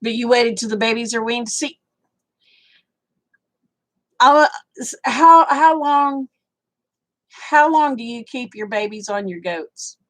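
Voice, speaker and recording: A woman's voice: a little high, takes it slowly, pauses often, low-quality recording. Sleepy older woman chatting. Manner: drawling, chatty, reads viewer comments aloud. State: sleepy, yawning. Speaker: livestream host. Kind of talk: casual livestream chat.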